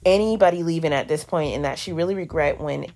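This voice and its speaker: A woman's voice: low-pitched, quick pace, warm tone. A woman hosting a podcast, recapping an episode in a casual, sassy, slangy way with joking asides. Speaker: podcast host reviewing a reality show.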